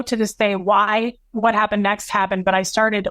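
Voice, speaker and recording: A woman guest in an interview, recounting a painful personal story in a halting, emotional, long-winded way. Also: medium pitch, little pitch movement, a bit bright, dry recording.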